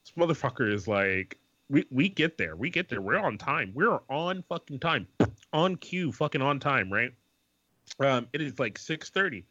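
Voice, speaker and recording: Profane, animated man telling a story. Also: medium pitch, normal speed, dry recording. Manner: profane, animated, acts out quoted people. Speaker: podcast co-host. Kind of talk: casual storytelling chat. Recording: dull lo-fi sound.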